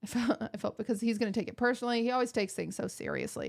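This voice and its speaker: A woman's voice: on the high side, wildly swooping pitch, rapid-fire, gravelly, darkish tone. A young woman streaming from home, chatting with her viewers in a rambling, joking, mock-outraged way. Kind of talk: casual chat with chat viewers.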